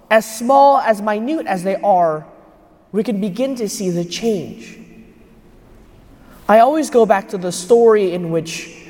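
Young man, priest, earnest homily, high voice, long church reverb. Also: a little mellow. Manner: earnest storytelling. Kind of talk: homily at Mass.

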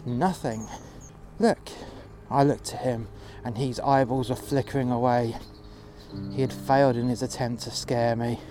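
A man's voice: mid-range voice, flat delivery, moderate pace, warm tone, slight background noise. Swearing London man telling a story. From West London. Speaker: narrator. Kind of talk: first-person storytelling monologue. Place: outdoors in freezing cold. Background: music.

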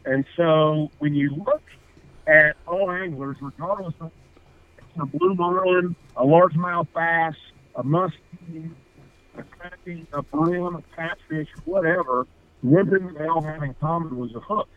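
A man's voice: fairly high pitch, measured pace, no room sound, phone-quality sound. A man, co-founder of a fishing apparel brand, talking casually in a radio interview, rambling with many fillers and restarts.

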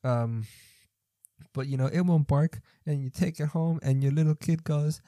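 A man's voice: on the high side, normal speed, mellow, dry recording. A young man hosting a podcast, reading out odd news stories and reacting with rambling, incredulous asides full of fillers. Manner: rambling, incredulous, thinks aloud with many fillers. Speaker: podcast host. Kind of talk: casual commentary reading news stories aloud.

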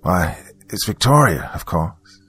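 A man voicing a desperate, ragged old woman in a horror story, with a crackly, raspy whisper. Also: on the low side, normal speed, pushed and bright, soft background music, voice pushed up, exaggerated voice. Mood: solemn. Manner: urgent pleading whisper. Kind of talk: scripted horror narration.

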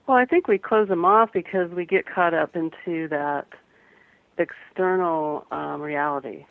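A woman's voice: fairly low pitch, measured pace, gravelly, no echo. Earnest woman on a tinny phone line. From American Midwest. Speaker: guest photographer and author. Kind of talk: radio interview, phone-in guest.

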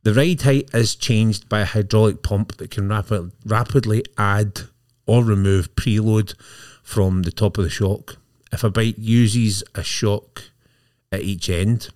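This co-host of a laid-back motorbike podcast has a fairly low, slightly mellow voice. He explains technical news with a joking streak, recorded cleanly on a podcast mic with no room sound.

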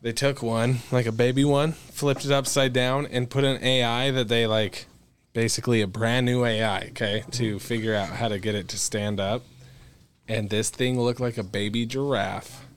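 A man's voice: medium pitch, steady tone, moderate pace, smooth. A man hosting a casual comedy podcast, reading news bits aloud and joking around in a profane, offhand way. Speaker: podcast host.

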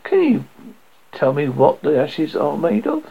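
A man reading aloud and voicing the Doctor, an eccentric time traveller who is politely insistent and brisk. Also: on the high side, wildly swooping pitch, vocal fry, husky, heavily acted. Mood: pleading. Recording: dull lo-fi audio.

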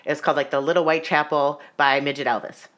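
A woman's voice: low voice, little pitch movement, fast, fairly bright tone. A young adult woman telling a story in casual chat, full of "like" and acted-out quotes. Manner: chatty, fillers of "like", acts out quotes.

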